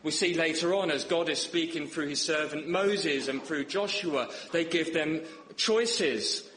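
In an echoey church hall with faint background noise, a young preacher speaks unhurriedly in a fairly bright tone. His sermon mixes jokes and stories, and his voice lifts when he wants to stress something.

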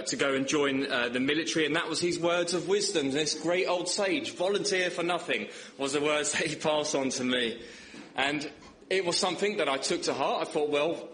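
A young man preaching a sermon in church, joking and telling stories, his voice rising for emphasis. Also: bright, forceful tone. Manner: humorous, storytelling, rises in pitch for emphasis. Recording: echoey church hall with faint background noise.

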